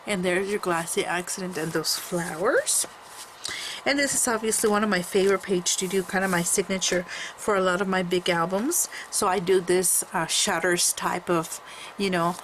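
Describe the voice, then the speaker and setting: A woman's voice: fairly low pitch, fairly bright tone, a little hiss or hum, low-quality recording. A woman casually showing off a handmade photo album at home. She rambles, restarts often, and fills gaps with fillers. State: coughing from allergies. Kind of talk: casual show-and-tell.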